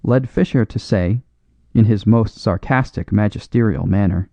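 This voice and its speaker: A man narrating a classic mystery story as an audiobook, in a measured, expressive reading. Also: fairly low pitch, gravelly, dry recording, lo-fi sound. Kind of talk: scripted narration.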